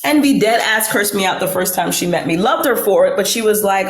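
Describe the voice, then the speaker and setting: A woman's voice: medium pitch, expressive, fairly quick, hardly any pauses, echoey room. A woman hosting a casual livestream chat, blunt and swearing freely, rambling with restarts. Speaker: livestream host.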